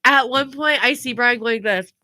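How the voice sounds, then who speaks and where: Animated mom telling stories. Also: female voice, on the high side, moderate pace, no echo. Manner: animated storytelling, acts out family members' voices, laughs often. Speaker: podcast co-host. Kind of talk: casual chat.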